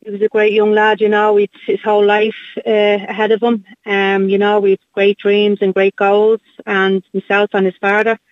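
Irish woman on the phone, halting, says um a lot, flat voice, muffled dry line. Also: medium pitch, no room sound. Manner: halting, repeats herself, many fillers. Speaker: guest, bereaved mother. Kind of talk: phone interview, emotional recounting.

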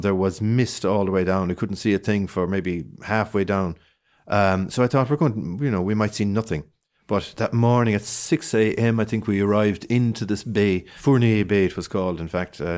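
A man with a low voice and a light lilt tells a travel story in relaxed conversation. He talks with lots of fillers, false starts and growing enthusiasm. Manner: animated storyteller with many fillers and restarts. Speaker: guest. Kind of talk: casual chat.

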